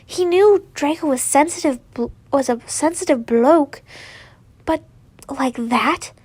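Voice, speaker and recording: A woman's voice: high voice, slow, a little mellow, dry recording, rough recording. A woman reading fan fiction aloud, often stumbling and correcting herself, with sighs and small asides.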